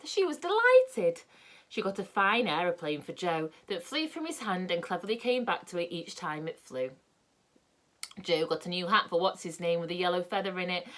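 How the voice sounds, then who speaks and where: Woman reading a kids book out loud, super lively up and down voice. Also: medium pitch. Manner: lively, expressive. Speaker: storyteller. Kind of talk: reading a children's book aloud.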